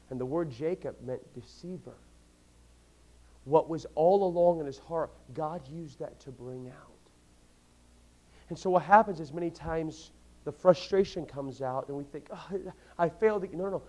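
A man preaching a sermon, moving from hushed, intense passages to loud, emphatic ones and repeating phrases for emphasis. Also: on the high side, normal speed, poor audio.

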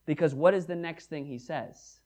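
A man's voice: fairly high pitch, moderate pace. A man preaching a Bible study sermon, reading verses aloud and acting out the dialogue in them. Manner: animated, acts out scripture dialogue.

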